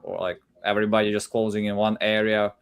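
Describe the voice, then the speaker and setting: A man's voice: on the low side, little pitch movement, fast, creaky, smooth. A man co-hosting a live sales stream in casual chat, rambling and restarting his sentences.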